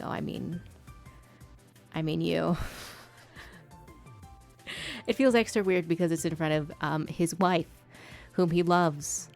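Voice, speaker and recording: A woman's voice: deep voice, darkish tone. A young woman streamer chatting casually and rambling while she paints, laughing often and filling gaps with ums and likes. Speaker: art streamer.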